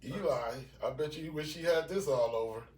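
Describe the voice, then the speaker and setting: A man co-hosting a casual talk show, blunt and profane, talking in an animated way. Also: fairly high pitch, fairly quick. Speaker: podcast co-host. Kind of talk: casual chat. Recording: echoey room, mic at a distance.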